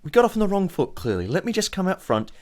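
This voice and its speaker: A man voicing a frightened peasant woman who pleads and bargains in a flustered, high voice. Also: big pitch swings, fast talker, darkish tone. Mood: nervous.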